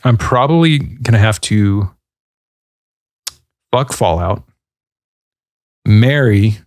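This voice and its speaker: A man in his thirties hosts a podcast, reading out listener questions and musing on them in an easygoing, meandering way. His voice sits low, and the sound is dry and close to the microphone. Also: takes it slowly, darkish tone, no room sound. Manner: laid-back and rambling, with frequent fillers. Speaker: podcast host. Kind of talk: casual podcast chat answering listener questions.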